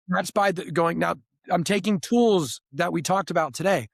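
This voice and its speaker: A man's voice: sits high, moderate pace, vocal fry, dry recording, clean studio sound. A man hosting an interview, earnestly reflecting and drawing on his own experience. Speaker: host. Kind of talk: conversational interview.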